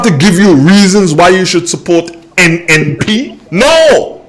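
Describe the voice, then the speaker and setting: A man's voice: high voice, big pitch swings, takes it slowly. A Grenadian man hosting a political radio talk show, scolding listeners and repeating points for emphasis.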